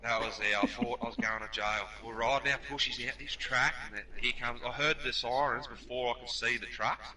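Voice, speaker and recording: A young Australian man casually telling a sweary, animated story as a podcast guest. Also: medium pitch, fairly quick, hardly any pauses, crowd noise, rough recording. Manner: swearing, animated yarn-spinning.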